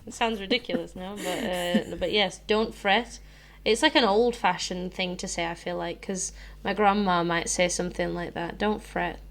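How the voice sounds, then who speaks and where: A woman's voice: on the low side, fairly even intonation, moderate pace, a little hiss or hum. British lady teacher, chatty, explains stuff, laughs a lot, podcast chat. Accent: British English. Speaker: English teacher and podcast co-host.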